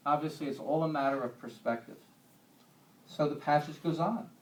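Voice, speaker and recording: A man's voice: a little high, moderate pace. A man teaching a Bible lesson to a church group in a conversational way, with homely humorous asides. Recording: echoey room, distant mic.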